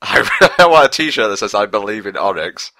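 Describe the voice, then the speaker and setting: A man's voice: on the low side, very animated, fairly quick, sharp tone, no room sound. A man co-hosting a casual watch-along commentary, trading dry, sarcastic quips. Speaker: commentary co-host.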